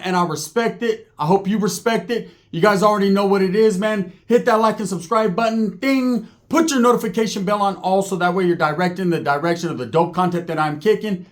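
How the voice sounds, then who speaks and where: A high-voiced man hosts a channel as a comedic storyteller, telling profane, funny stories. He comes across as streetwise, slangy and animated.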